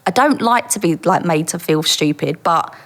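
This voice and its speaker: A woman telling stories in a casual interview. She is animated and laughs often, and she acts out the voices in her stories. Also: lowish voice, moderate pace. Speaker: guest, former undercover police officer.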